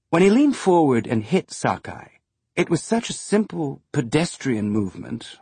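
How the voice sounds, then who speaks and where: A man narrating an audiobook in a measured storytelling manner. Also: medium pitch, husky, no room sound. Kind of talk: scripted narration. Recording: dry studio sound.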